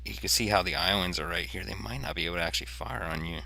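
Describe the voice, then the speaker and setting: A low, gravelly man hosts a casual strategy game discussion, thinking aloud as he explains each move. His voice is bright and sharp, recorded dry and close. He jokes easily between points. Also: fast, no room sound. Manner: jokey, thinks aloud while explaining moves. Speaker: host.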